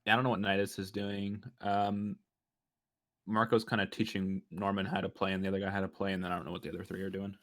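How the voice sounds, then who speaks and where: A man chatting casually with a teammate during a game, telling quick stories with laughs. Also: low voice, completely flat delivery, fairly bright tone. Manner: fast storytelling with laughs. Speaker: fellow player. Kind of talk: casual gaming chat.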